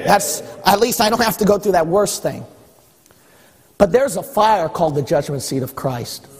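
A man preaching a sermon as pastor, animated, acting out exchanges with God. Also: sits high, moderate pace, husky. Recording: echoey hall with long reverb.

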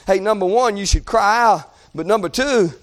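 Fervent high-voiced preacher. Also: male voice, moderate pace. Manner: swings from shouted pleading to low, quiet talk. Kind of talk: sermon.

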